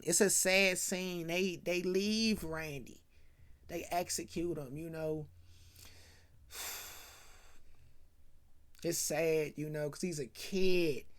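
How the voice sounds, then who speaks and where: A woman hosting a casual recap of a TV episode. She talks chattily, repeats herself and often asks "right?" and "you know". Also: lowish voice. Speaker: show host.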